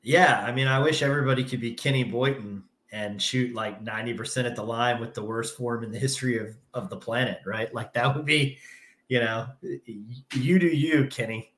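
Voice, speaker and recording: A man, a high school basketball coach, co-hosting a sports podcast with relaxed, chuckling analysis. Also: a little fast. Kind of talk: casual sports podcast chat. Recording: echoey room.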